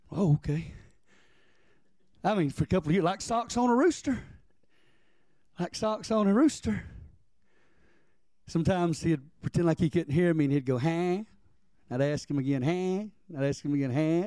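A man preaching a folksy sermon, slowing down for emphatic lines and rushing through asides. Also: high voice, dark tone, dry recording. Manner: folksy preaching with Southern phrasing, swings from slow emphatic lines to quick asides. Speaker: pastor.

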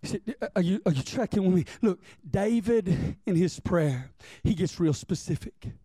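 Male pastor, high voice, dry close sound, preaches to shouting peaks and calls for amens. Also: lively intonation, normal speed, slightly rough, dry recording. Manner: calls for congregation responses. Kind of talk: sermon. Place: church.

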